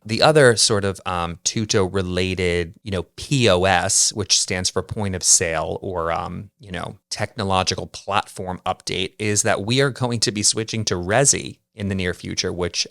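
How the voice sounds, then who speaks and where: A man's voice: on the low side, a bit bright, clear, resonant tone, dry recording, clean studio sound. A man hosting a podcast, telling a story in a rambling, exasperated, profane way. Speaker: podcast host. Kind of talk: casual monologue.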